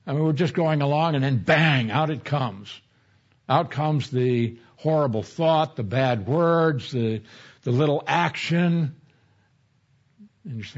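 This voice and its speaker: A slightly high-pitched man speaks slowly in dull-sounding audio. He's a pastor preaching an expository sermon in a conversational teaching style, blending explanation of scripture with personal anecdotes.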